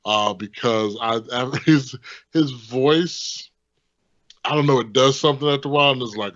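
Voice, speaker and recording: A man's voice: medium pitch, moderate pace, a bit bright, dry recording, highs cut off. A man co-hosting a casual wrestling podcast, blunt and opinionated, swearing casually. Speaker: podcast co-host.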